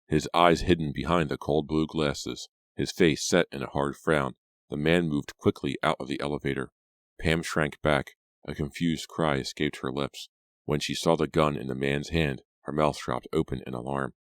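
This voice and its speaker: A man reading a thriller audiobook as its narrator, in a steady, measured delivery. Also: rumbling low, no echo, studio quality. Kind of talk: scripted narration.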